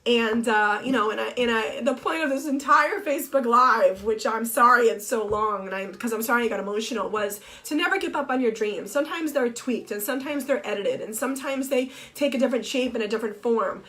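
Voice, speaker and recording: A middle-aged woman and blogger talking on a Facebook Live, tearful and halting with many restarts, crying as she speaks. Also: fairly high pitch, fairly bright tone. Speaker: blogger and TV co-host. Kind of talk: emotional Facebook Live monologue. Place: home office.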